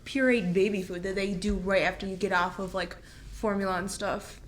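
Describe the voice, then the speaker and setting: A woman's voice: medium pitch, fairly even intonation, moderate pace. A young woman in a casual chat, answering in a dry, matter-of-fact way and correcting the other speaker.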